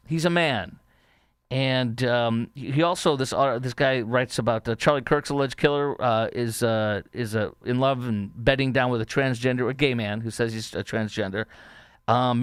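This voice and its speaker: A man's voice: medium pitch, clear, resonant tone, no echo, studio quality. Sarcastic, mocking male talk host. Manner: sarcastic, mocking, halting with many fillers. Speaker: political talk show host. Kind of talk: opinionated commentary.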